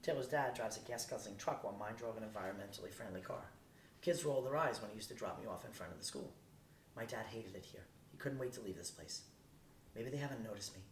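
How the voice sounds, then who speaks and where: A man reading a novel aloud in a steady, plain way. He sits at some distance from the mic in a roomy space, with a faint rumble behind him. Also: quick pace. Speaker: audiobook reader.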